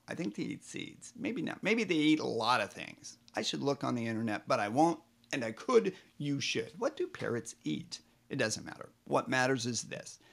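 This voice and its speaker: A man's voice: mid-range voice, creaky. A man teaching a children's music lesson, playful and rambling, singing short phrases and often correcting himself. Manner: drums on a table.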